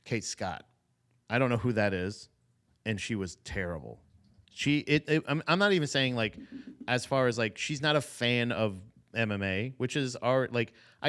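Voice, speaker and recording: A man co-hosting a podcast, ranting casually with swearing and laughs. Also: medium pitch. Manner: animated ranting, profane, laughs. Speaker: podcast co-host.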